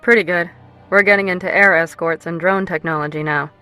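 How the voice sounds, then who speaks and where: Audiobook: woman doing a self-assured businessman, low-ish, firm. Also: fairly even intonation, fairly quick, bright, forceful tone, clear, resonant tone, faint music behind. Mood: confident.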